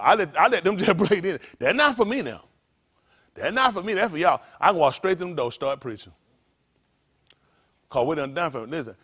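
A man's voice: on the high side, a bit bright. A man preaching a casual, conversational sermon as pastor, colloquial and full of rhetorical questions.

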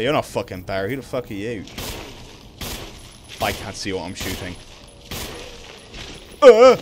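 A young man streaming a horror game, swearing a lot and breaking into loud excited shouts. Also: deep voice, a little hiss or hum. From Ireland. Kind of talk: live gaming commentary.

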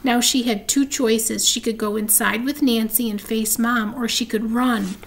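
A woman reads a children's chapter book aloud in a fairly high voice. Between passages she describes the pictures for her listeners. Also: steady tone, measured pace, low-quality recording. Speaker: reader.

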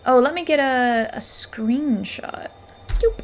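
A high-pitched woman gives casual let's play commentary with dry, wry asides. Soft game music runs faintly beneath her. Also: slow pace. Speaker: gameplay streamer.

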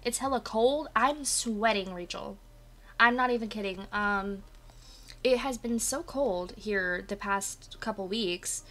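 A woman's voice: mid-range voice, takes it slowly, a bit bright. Bubbly woman streamer with a dry morning voice. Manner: bubbly, chatty, greets viewers by name. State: dry voice with a slight cough, just woke up. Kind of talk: casual chat with live viewers. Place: home apartment. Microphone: desk mic.

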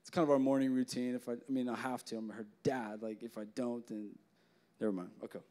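A man's voice: medium pitch, fast. A young man preaching a youth sermon, telling jokes and stories with lots of casual fillers. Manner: joking, animated storytelling with many fillers. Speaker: youth pastor.

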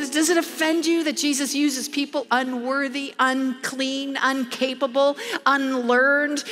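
A woman preaching a sermon in an animated, emphatic way, often breaking into laughter as she goes. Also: sits high, unhurried, few pauses, music in the background. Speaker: guest preacher.

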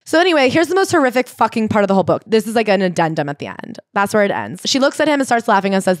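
A woman co-hosting a podcast, retelling a book in a casual, animated way and acting out the quotes. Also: very fast, few pauses, no echo, studio quality. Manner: animated storyteller, acts out quotes with sharp pitch jumps. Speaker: podcast co-host. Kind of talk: casual book-club chat, retelling a story.

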